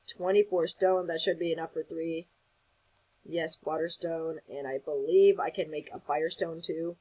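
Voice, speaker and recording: A host giving casual gameplay commentary, excitable and rambling, thinking aloud as they play. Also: mid-range voice, moderate pace, slightly rough, rough recording. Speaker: gaming channel host.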